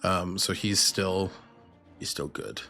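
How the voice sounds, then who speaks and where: A man acting as game master for a tabletop session, talking through moves and dice results in a relaxed, unhurried way. His voice sits a little low, and he speaks very slowly. Soft music plays faintly under him. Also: vocal fry. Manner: unhurried, casual rules narration.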